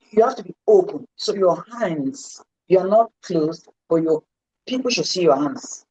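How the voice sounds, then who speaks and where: A woman's voice: fairly low pitch, a little slow, darkish tone, breathy edge, no room sound, poor audio. A woman coaching public speaking in a live online lesson, stressing and repeating her key words. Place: indoors, seated.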